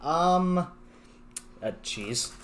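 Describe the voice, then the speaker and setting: A man's voice: a little high, animated, extremely slow, a bit bright, a little hiss or hum. A young man on a podcast grumbling wryly and swearing. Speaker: podcast co-host. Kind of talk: casual chat.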